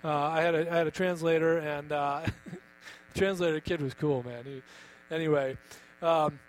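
A man delivers a sermon with emphatic force, pitched a little high for a male voice. He keeps turning questions back on his congregation. A steady mains hum runs beneath the recording. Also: moderate pace, low-quality recording. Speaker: pastor.

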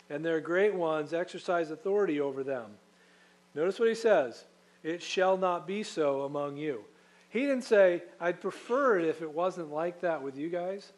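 A man's voice: fairly high pitch, a little mellow. A man preaching a sermon, reading scripture aloud and rising in force to stress key points. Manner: earnest preaching, reads scripture aloud, swells for emphasis. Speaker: pastor.

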